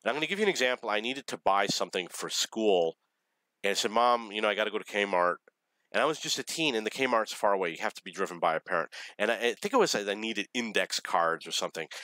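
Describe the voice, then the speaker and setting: Man, bright tense tone, dry close sound, earnest halting monologue. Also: fairly low pitch, lively intonation, no echo, low-quality recording. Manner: earnest, halting, with frequent fillers and restarts. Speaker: vlogger. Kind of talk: personal storytelling monologue.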